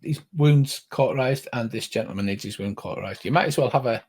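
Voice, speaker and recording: A man's voice: medium pitch, brisk, slightly rough. Older man running a tabletop game. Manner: relaxed, wry narration with hesitations. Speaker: game master.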